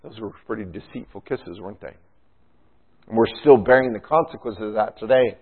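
A man's voice: on the low side, brisk, slightly rough. A man preaching a sermon and tossing in rhetorical questions and a frequent "right?". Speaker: pastor. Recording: tinny phone-like sound.

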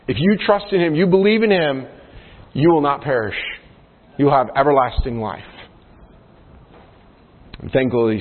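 A man preaching a sermon as pastor, earnest, often putting questions to the congregation. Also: mid-range voice. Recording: tinny phone-like sound with long hall reverb.

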